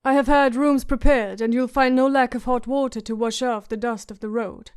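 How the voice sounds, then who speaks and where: A woman's voice: a little high, steady tone, normal speed, a little mellow, clean tone, dry recording, studio quality, lightly acted. A woman voicing a wary teenage lord who speaks in a guarded, awkward way. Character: wary young lord, teenage boy, stiff.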